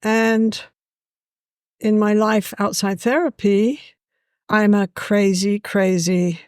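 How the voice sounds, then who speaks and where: A woman's voice: mid-range voice, takes it slowly, smooth, dry recording, clean studio sound. A woman, talking as a guest in an easygoing, storytelling way with a frequent "you know". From England. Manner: lively, warm-hearted, with a frequent "you know". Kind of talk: casual conversational storytelling.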